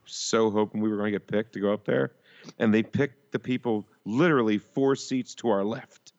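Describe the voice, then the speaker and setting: A man's voice: on the low side, fairly even intonation, moderate pace, darkish tone, dull audio. A man co-hosting a podcast, rambling through memories with swearing and half-finished sentences. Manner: rambling, profane, trails off mid-sentence. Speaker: podcast co-host. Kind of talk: casual crude podcast banter.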